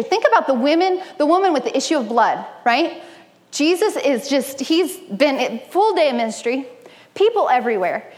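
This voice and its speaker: Female speaker, 30s, high voice, animated personal preaching, long hall reverb. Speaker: speaker at a church gathering. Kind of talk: sermon-style talk.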